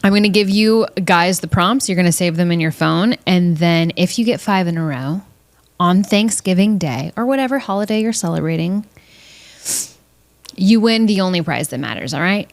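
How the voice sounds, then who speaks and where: Woman podcast host, lower voice, casual monologue, profane and jokey, mimics relatives with squeaky put-on voices. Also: animated, moderate pace. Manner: blunt, profane, jokey, mimics family members in high voices.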